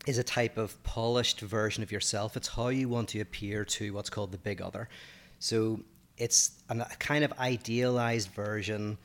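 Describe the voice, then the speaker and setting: A man with a Northern Irish accent, co-hosting a podcast and explaining ideas at length, thinking aloud in casual philosophical discussion. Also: on the low side. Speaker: podcast co-host.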